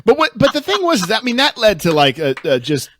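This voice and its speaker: Brief: man, podcast co-host, high and lively voice, theatrical delivery. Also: fast, dry recording. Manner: animated, theatrical, gets loud when excited. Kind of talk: casual podcast chat.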